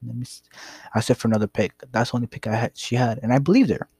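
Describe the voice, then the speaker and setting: A man's voice: mid-range voice, very fast, a little mellow, slightly rough, no room sound. A young man casually telling a rambling, profane story about his past. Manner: rambling, profane, laid-back.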